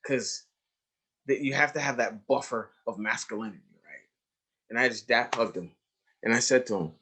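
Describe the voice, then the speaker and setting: Man, mid-pitched, webinar trauma lecturer; emphatic storyteller who drops to a hush, then rises; video call mic. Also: moderate pace, pauses often, breathy edge. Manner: emphatic storyteller, swings between hushed and raised, stretched phrases; addresses listeners directly with "right?" and "you see?". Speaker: trauma educator presenting a webinar.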